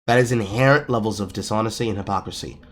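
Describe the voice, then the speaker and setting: A man's voice: on the low side, quick pace, fairly bright tone, a little hiss or hum. A man hosting a live-streamed podcast, lecturing emphatically and swearing freely as he makes his points. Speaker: podcast host. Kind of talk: casual podcast commentary. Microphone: streaming mic.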